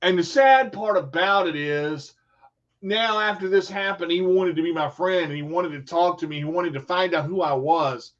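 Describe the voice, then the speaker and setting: A man telling a casual, animated story in folksy phrasing, acting out what people said. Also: high voice, normal speed. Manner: animated storyteller, acts out quotes. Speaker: vlogger. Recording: dull lo-fi sound.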